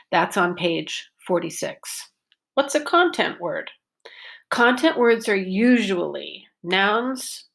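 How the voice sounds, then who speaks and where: A woman teaching a pronunciation lesson, speaking slowly and carefully and drawing out words to show pitch changes. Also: a bit bright. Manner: slow and deliberate, stretches words to show pitch. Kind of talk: slow, careful classroom lesson.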